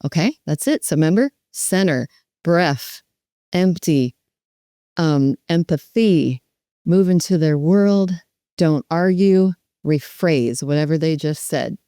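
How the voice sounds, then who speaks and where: Brief: woman educator, emphatic and animated coaching, warm low voice, dry close sound. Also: takes it slowly, dry recording. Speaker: dementia care educator. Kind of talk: teaching with role-play demonstrations.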